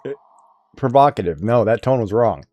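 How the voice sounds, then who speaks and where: A man's voice: mid-range voice, lively intonation, normal speed, warm tone, no echo, muffled recording, faint music behind. Teasing man with a dry voice. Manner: teasing, coaching with demonstrations. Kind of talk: casual chat.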